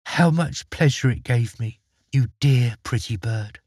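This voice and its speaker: A man voicing Thumbelina, a tiny, gentle young girl in a read-aloud storybook, speaking in a soft, tender way. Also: medium pitch, measured pace, slightly rough, dry recording, clean studio sound.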